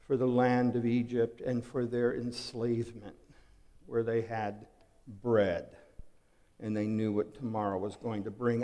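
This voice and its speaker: A pastor preaching a sermon, dramatic and full of rhetorical questions, swinging from hushed to loud. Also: male voice, mid-range voice, level tone, unhurried. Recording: long hall reverb.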